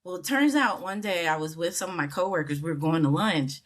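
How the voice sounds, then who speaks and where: With a fairly low pitch and a slightly fast delivery, a middle-aged woman from the United States shares a casual story while being interviewed, portraying quoted people through big jumps in her voice.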